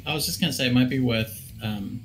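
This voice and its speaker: A man's voice: mid-range voice, a little fast, faint music behind, poor audio. Man explaining game details. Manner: explanatory, correcting himself as he goes. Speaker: guest. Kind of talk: casual live-stream chat.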